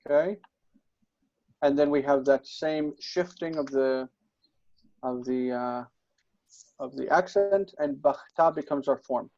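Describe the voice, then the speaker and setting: A man's voice: medium pitch, slow pace, pauses often, darkish tone, lo-fi sound. A man tutoring Biblical Hebrew grammar, patient and explanatory, checking in often with his students. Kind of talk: online tutoring session.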